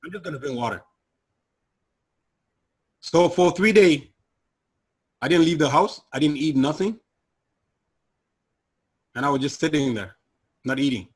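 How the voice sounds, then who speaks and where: A man's voice: a little slow, long pauses, husky. Earnest man telling a personal testimony. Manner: earnest, emotional, drops low and quiet for hard memories. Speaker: guest sharing personal testimony.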